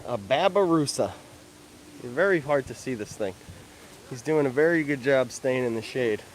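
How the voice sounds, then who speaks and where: A man livestreaming outdoors at an animal park, chatting excitedly and calling out to the animals. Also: medium pitch, normal speed, slight background noise, low-quality recording. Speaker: livestream vlogger. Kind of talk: casual livestream chat.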